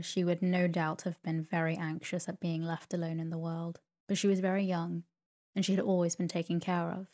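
A woman narrating a sleep story in a slow, soothing reading voice. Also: fairly low pitch, a little mellow.

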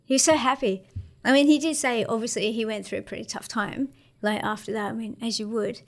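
A woman in her thirties with an Australian accent, chatting casually as an interview guest in a relaxed, slangy way with lots of fillers. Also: fairly high pitch, brisk. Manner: laid-back, slangy, many fillers. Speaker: interview guest, para-surfer.

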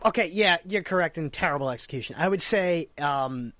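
A man's voice: fairly high pitch, expressive, fairly quick, a bit bright, dry recording. A man co-hosting a podcast in casual chat, teasing and wry. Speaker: podcast co-host.

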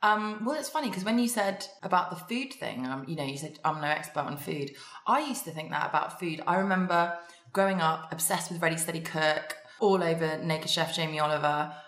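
A woman guest on a podcast, warm and enthusiastic, a little tired and croaky. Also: deep voice, brisk. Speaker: podcast guest, cookbook author. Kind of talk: casual interview chat. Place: her home. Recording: roomy echo.

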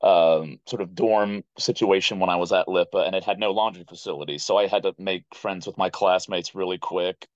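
An American man in his thirties tells stories as a podcast guest. He is animated and likes to act out what other people said. His voice sits fairly low, and the recording is dry and a little dull. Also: brisk, hardly any pauses, no echo. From United States. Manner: animated storyteller who acts out quoted voices. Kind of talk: casual interview storytelling.

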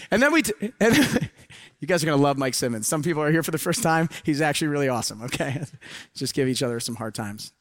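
Man, middle-aged, high bright voice, dry close sound, energetic preachy seminar talk, loud then hushed. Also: a little fast, no echo. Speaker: motivational speaker. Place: event hall with a live audience.

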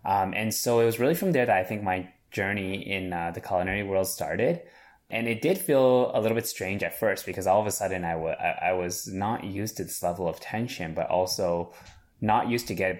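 A man's voice: low-pitched, a little fast. A man in his thirties, a chef and business owner, answering interview questions earnestly with frequent restarts.

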